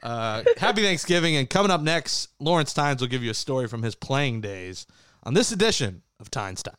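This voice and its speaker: A man's voice: mid-range voice, very animated, moderate pace, a bit bright, clear, resonant tone, no room sound, clean studio sound. A man hosting a casual sports podcast, chatting and joking with his co-hosts in an easygoing way. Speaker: podcast host.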